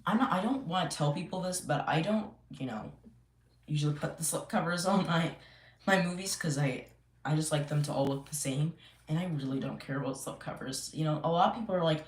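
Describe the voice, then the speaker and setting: A man's voice: a little high, a little fast. A man chatting casually on a live stream from home, rambling with many fillers and restarts. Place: home room. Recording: echoey room, faint noise.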